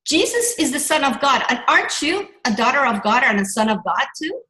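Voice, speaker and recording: A middle-aged woman coaching a workshop, talking in an animated, rambling way with many restarts and self-corrections. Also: high voice, a little fast, echoey room, low-quality recording. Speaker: business coach. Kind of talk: motivational workshop talk.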